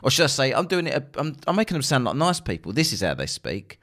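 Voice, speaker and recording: A man's voice: medium pitch, sing-song, fast talker, fairly bright tone. A man hosting a podcast, talking in a blunt, sarcastic rant with plenty of swearing. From England. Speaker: podcast host. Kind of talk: casual podcast monologue.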